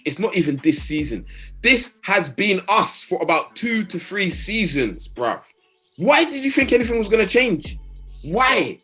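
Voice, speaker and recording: A young man rants about his team with sweary, fired-up rhetorical questions. His voice sits fairly high for a man, with faint music behind him. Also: fairly bright tone. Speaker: co-host. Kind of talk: heated casual football rant.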